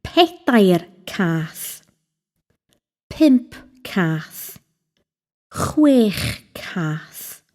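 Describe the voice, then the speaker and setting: A woman narrating a scripted Welsh language lesson, slowly spelling out words and examples. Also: medium pitch, very animated, a little mellow. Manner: slow, deliberate, spelling out vocabulary.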